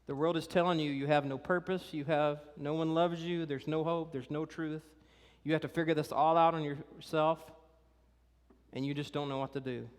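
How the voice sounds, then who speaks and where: A pastor preaching a sermon in a conversational, animated way, talking directly to the kids and teenagers in the congregation. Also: male voice, on the high side. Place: church. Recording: reverberant church hall.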